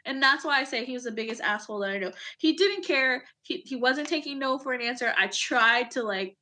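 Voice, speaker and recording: Bright, animated woman telling war stories. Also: high-pitched, brisk. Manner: animated, swears casually, acts out quoted people. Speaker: podcast guest, Army veteran. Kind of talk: emotional personal storytelling.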